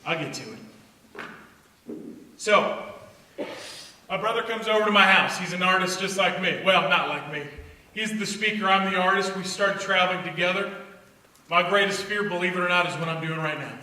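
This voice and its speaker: A middle-aged man giving an energetic faith talk to young people, with loud bursts and low, intense asides. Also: moderate pace, long pauses. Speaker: speaker at a youth faith event. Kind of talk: energetic motivational talk to students. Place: church hall. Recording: echoey hall recorded from far off.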